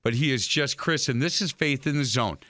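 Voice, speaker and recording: Talk radio host: a man with a bright, pushing voice, upbeat, close dry studio sound. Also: mid-range voice, no echo. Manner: energetic, quick to wrap up to a break. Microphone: studio microphone.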